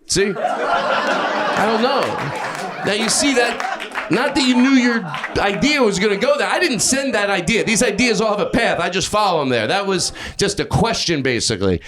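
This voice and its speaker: Loud excitable man on a comedy stage. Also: sits high, moderate pace. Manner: loud, excitable, swings between yelling and mumbling asides. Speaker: stand-up comedian. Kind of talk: improvised stand-up set. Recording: live club with crowd laughter. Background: audience laughter.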